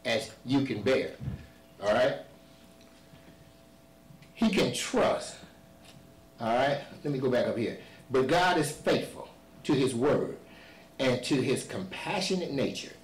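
A male pastor preaching a sermon, building to shouted emphasis and repeating himself to drive points home. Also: on the low side, slight background noise. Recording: echoey church hall, voice from far off.

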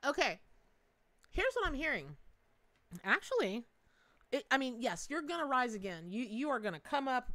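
A woman's voice: high voice, very animated, moderate pace, long pauses, a bit bright. A middle-aged woman hosting a live tarot reading, talking in a bubbly, chatty way with frequent laughs and folksy asides.

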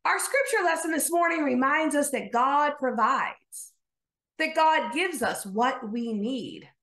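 A woman pastor with a high, bright voice tells a story and prays at a slow pace. Her pitch moves a lot. The sound has the echo of a room. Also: lively intonation. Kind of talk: storytelling sermon and prayer.

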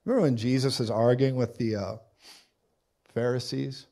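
A man's voice: medium pitch, fairly even intonation, moderate pace, mellow. A man preaching a live sermon in a conversational style, with frequent asides and quoted voices.

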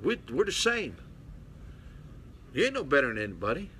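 Blunt older male pastor, bright voice. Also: mid-range voice, huge pitch swings, normal speed, slight background noise. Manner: blunt, calls out to listeners. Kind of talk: folksy preaching Bible study. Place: small mission hall.

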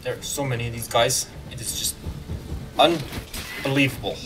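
A man giving casual, excitable commentary while playing a video game, joking and talking back to the game. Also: medium pitch, normal speed, far from the mic, music in the background. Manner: excitable, jokey, talks to the game. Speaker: let's play gamer.

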